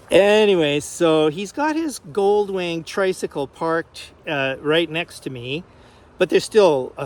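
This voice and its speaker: An older man vlogging casually, retelling a personal story in a chatty, animated way. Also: a little high.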